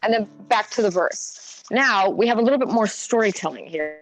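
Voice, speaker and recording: A woman's voice: mid-range voice, expressive, moderate pace. A woman giving a casual guitar lesson who thinks aloud, with plenty of fillers as she explains. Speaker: guitar teacher. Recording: slightly dull recording with guitar. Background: her own guitar playing.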